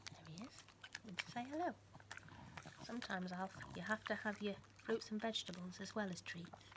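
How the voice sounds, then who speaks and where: A woman teacher reading a storybook aloud to children, swinging between hushed whispers and loud emphasis. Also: medium pitch, normal speed, background noise.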